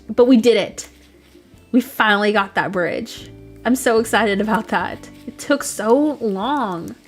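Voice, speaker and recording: A woman streaming a game, chatting casually and excitedly with her viewers. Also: fairly high pitch. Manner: chatty, excitable, talks to chat directly. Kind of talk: casual live-stream chat.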